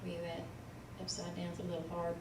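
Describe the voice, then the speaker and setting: A woman tutoring a student in Hebrew reading in a casual one-on-one lesson, patiently sounding out letters and syllables slowly. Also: on the low side, completely flat delivery, reverberant, far from the mic, noisy background.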